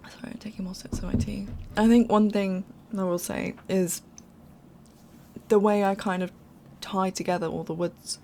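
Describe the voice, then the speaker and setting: A woman's voice: medium pitch, steady tone, moderate pace, dark tone, a little hiss or hum. A young woman giving casual, rambling voiceover commentary over a game build from home, chatty and apologetic, often laughing. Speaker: game speed-build creator.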